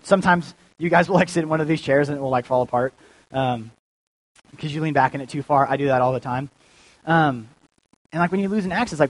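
A man's voice: a little high, fairly quick, poor audio. A young man giving a casual, joking sermon as a youth pastor, full of fillers and restarts. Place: church.

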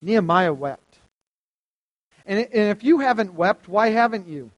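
High-voiced man preaching to a crowd. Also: lively intonation, moderate pace, pauses often, big-room sound. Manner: conversational, asks the audience questions. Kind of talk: sermon. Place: hall with stage lights.

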